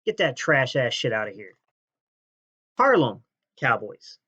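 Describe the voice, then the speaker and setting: A man hosting a sports fan channel, ranting and mocking rival fans' comments, jumping between loud jabs and low sneers. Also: expressive, brisk, breathy edge, highs cut off. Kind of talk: fan reaction rant.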